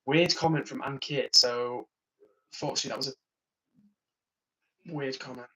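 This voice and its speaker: A man's voice: mid-range voice, steady tone, normal speed, pauses often, pushed and bright, low-quality recording. A tired, yawning man hosting a live stream, reading chat comments aloud, chatting casually and laughing often. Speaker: livestream host.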